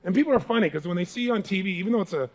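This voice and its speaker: A man's voice: sits high, lively intonation, rapid-fire, a little mellow, poor audio. A man giving a live seminar speech as a motivational speaker, emphatic and rallying the crowd with call-and-response questions. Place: large seminar hall.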